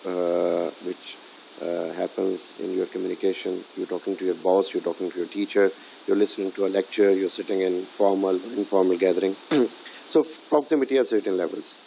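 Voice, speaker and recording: Low-voiced hesitant male English teacher. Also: fairly even intonation, fairly quick, gravelly. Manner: hesitant, many filler sounds. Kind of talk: recorded lecture. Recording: dull lo-fi audio with faint hiss.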